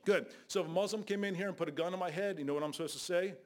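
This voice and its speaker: An older man preaching a fiery Bible sermon as a guest preacher, scolding loudly and then dropping to low asides. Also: rapid-fire. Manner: loud, scolding, shifts between shouting and low asides.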